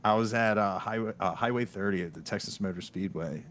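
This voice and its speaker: A man's voice: fairly low pitch, brisk, a little hiss or hum. A man from the US Northeast hosting a podcast, telling stories in casual chat with laughs and many restarts. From Delaware, US Northeast. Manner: animated storyteller, laughs often, many restarts. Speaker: podcast host.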